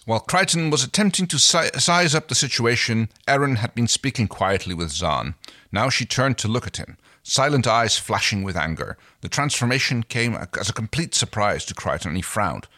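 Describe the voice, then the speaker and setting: A man narrating a novel with a bright, forward tone and an animated melody. He moves the story along briskly and chimes in with agreeable comments. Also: mid-range voice, no echo, clean studio sound. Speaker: podcast co-host reading aloud. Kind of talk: scripted narration and casual chat.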